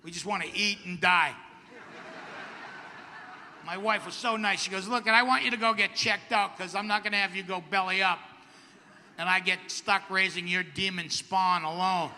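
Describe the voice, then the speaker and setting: A man's voice: sits high, steady tone, normal speed, pauses often, pushed and bright, long reverb tail, a little hiss or hum. A middle-aged man doing a stand-up comedy set, wry and self-deprecating with punchy delivery. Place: outdoor comedy stage at a camp festival.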